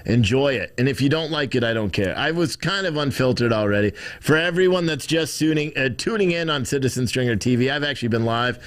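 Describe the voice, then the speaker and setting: A man's voice: medium pitch, expressive, brisk, few pauses. A young adult man hosting a live stream, talking bluntly and crudely, rambling with lots of fillers. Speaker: livestream host. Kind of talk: profane live-stream rant.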